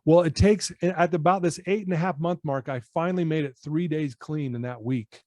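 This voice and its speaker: Earnest storytelling guy in his 50s, kinda high voice, super dry close sound. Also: moderate pace, dry recording. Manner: earnest, animated storyteller addressing the host. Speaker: guest, personal-development coach. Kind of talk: podcast storytelling.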